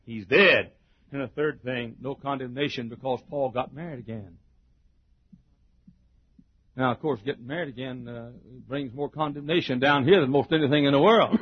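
A man preaching a sermon, telling stories, breaking into shouted exclamations and chuckles. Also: mid-range voice, slightly rough. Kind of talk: sermon with storytelling. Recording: dull lo-fi recording.

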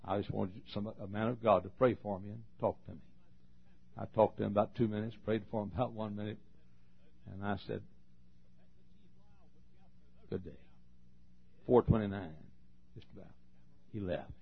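A man preaching a sermon as a pastor, telling a story with emphatic swings between loud and hushed delivery. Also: on the low side, fairly even intonation, normal speed, vocal fry, pauses often, slightly rough. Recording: dull lo-fi recording.

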